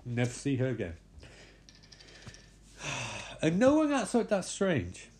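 A man giving a sardonic, profane comedic recap of a film, animated and wry. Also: medium pitch, slow pace, slightly rough. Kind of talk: comedic storytelling.

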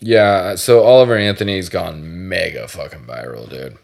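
A man's voice: deep voice, normal speed, vocal fry, darkish tone. A man hosting a podcast, chatting casually in a meandering, profane way. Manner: profane, meandering, frequent restarts. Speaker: podcast host. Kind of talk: casual chat.

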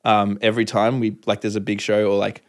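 A man's voice: lowish voice, flat delivery, brisk. A young Australian man, a touring musician guest telling rambling tour stories in casual podcast chat. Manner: laid-back, rambling, full of "like".

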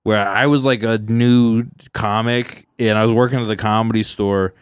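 A man's voice: fairly low pitch, fairly even intonation, normal speed, smooth, dry recording, clean studio sound. A young man from Southern California, a stand-up comedian hosting a podcast, chatting loosely and acting out bits in silly voices. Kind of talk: casual chat.

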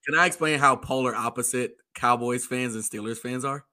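An easygoing man co-hosts a casual sports talk show, responding with relaxed humor. His voice is bright and sits at an ordinary middle pitch. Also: a little fast. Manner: easygoing, laughing listener. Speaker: podcast co-host.

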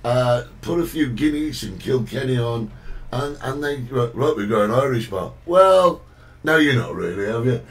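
A man's voice: medium pitch, expressive, normal speed, recorded from a distance, rough recording. A man hosting a casual talk show, chatting and reading out viewer greetings. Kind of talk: casual chat.

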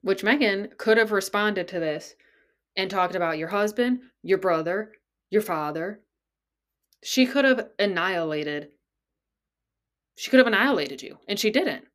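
A woman's voice: mid-range voice, unhurried, long pauses. A woman hosting a casual solo podcast, talking in an incredulous, exasperated way and swearing freely. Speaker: podcast host.

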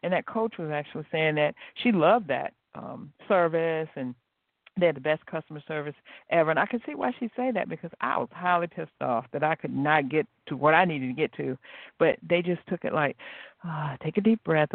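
A man's voice: fairly high pitch, very animated, a little fast, creaky, no echo. A man hosting a casual motivational talk on customer service, telling stories with frequent restarts. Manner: chatty storyteller, frequent restarts. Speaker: host giving customer service advice. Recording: dry, tinny phone-like sound.

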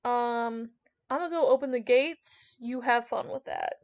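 A man's voice: very high-pitched, measured pace, clean tone, muffled recording. A woman voicing a blunt, dismissive male ride coworker in his forties. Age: 40s. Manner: curt, dismissive.

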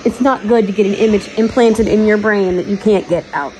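A woman's voice: mid-range voice, brisk, warm tone, slight background noise, rough recording. A woman hosting a podcast, talking in an earnest, emotional, pleading way. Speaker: podcast host. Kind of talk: casual chat. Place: virtual world.

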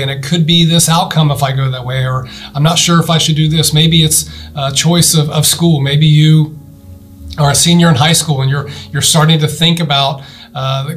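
Earnest man preaching a sermon. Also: on the high side. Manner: earnest preaching, rising emphasis, slowed scripture reading; addresses listeners directly with questions. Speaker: pastor.

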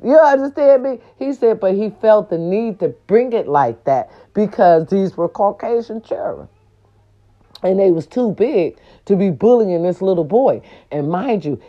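A woman telling a story in a casual monologue. She talks in an animated, emphatic way, swears freely, and keeps checking in with her listeners. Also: lowish voice, highs cut off. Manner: animated, emphatic and profane, with frequent rhetorical check-ins.

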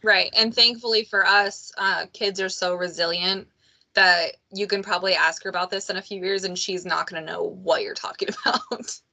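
A woman's voice: medium pitch, steady tone, normal speed, vocal fry, bright, forceful tone. A woman hosting a podcast, talking candidly in a loose, conversational way, full of "like" and "you know". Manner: candid and conversational, many fillers like "like". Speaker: podcast host.

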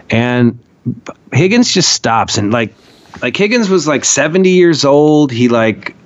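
Over dull-sounding audio, a low-voiced man guests on a podcast and spins casual stories. He is animated and profane, wanders off on tangents, and fills his speech with filler words.

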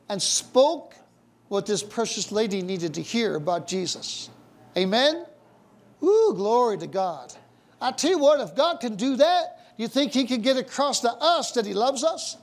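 A male pastor leading a charismatic church service, fervent and punctuating his talk with amens and hallelujahs. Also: sits high.

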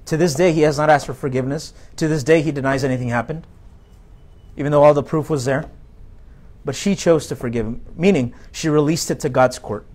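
A man's voice: a little high, brisk, darkish tone. A male pastor preaching a sermon in a direct, conversational way, full of rhetorical questions to the congregation.

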